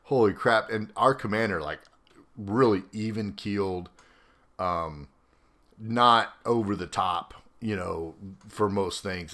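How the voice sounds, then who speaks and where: A middle-aged man, an army veteran hosting his own podcast, telling a story in a casual, animated way and laughing often. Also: on the low side, slow. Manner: animated, acts out quoted voices, laughs often.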